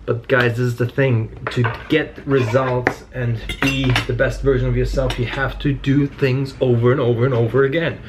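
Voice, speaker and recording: A man's voice: mid-range voice, little pitch movement, normal speed, few pauses, noisy background. A man in his mid-thirties chatting loosely to camera in a fitness vlog, telling stories and swearing freely. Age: 30s. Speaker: fitness vlogger. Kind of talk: casual vlog chat.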